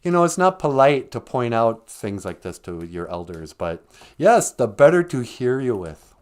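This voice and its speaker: A man voicing a sneaky male wolf disguised as a grandmother, talking in a smooth, mock-polite way. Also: mid-range voice, big pitch swings, normal speed, close to an everyday voice. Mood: sly.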